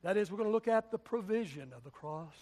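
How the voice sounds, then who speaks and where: A pastor preaching a sermon in a church, with a dramatic, repetitive cadence that swings from shouting to hushed whispers. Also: male voice, high-pitched, expressive, fast talker. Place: church sanctuary.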